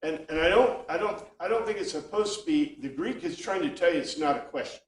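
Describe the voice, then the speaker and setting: A man's voice: on the high side, animated, brisk, slight background noise. A man teaching an informal Bible class, thinking aloud with frequent restarts. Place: classroom with a small group. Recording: echoey room, speaker far from mic.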